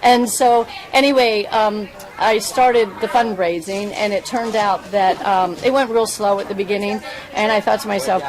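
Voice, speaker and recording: A woman's voice: a little high, steady tone, normal speed, low-quality recording. A woman giving a heartfelt, rambling speech at a ceremony as a volunteer fundraiser, often restarting her sentences. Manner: earnest, rambling, with many restarts. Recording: crowd noise behind the speaker.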